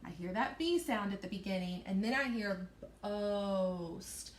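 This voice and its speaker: A woman teacher giving a recorded online reading lesson to young children, slowly stretching out and sounding out words in a sing-song way. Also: medium pitch, a little hiss or hum. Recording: echoey room.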